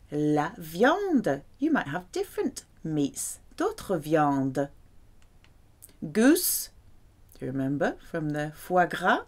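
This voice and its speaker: Slow, lively French woman teaching. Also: lowish voice. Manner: slow, careful pronunciation drills. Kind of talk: vocabulary lesson.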